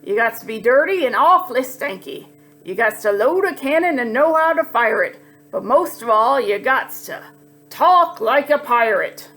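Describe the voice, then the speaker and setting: A woman voicing a gruff, cranky male pirate captain in a children's story, speaking in rhyming, bellowing pirate talk. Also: a little high, lively intonation, moderate pace, a bit bright, soft background music.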